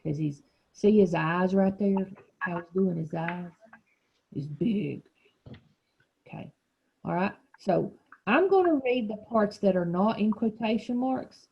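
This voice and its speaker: A woman's voice: mid-range voice, lively intonation, slow, breathy edge, highs cut off. A woman teacher leading a reading lesson for young children, explaining patiently and encouraging them.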